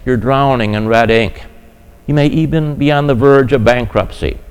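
A male pastor delivers a sermon in an earnest, direct manner. His voice sits at an ordinary middle pitch, and he keeps turning to his listeners with rhetorical questions. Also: moderate pace, clean tone, poor audio.

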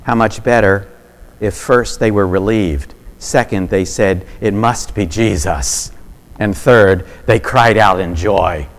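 A man preaching a sermon, reflective and varying his loudness for emphasis. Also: on the low side, slow pace.

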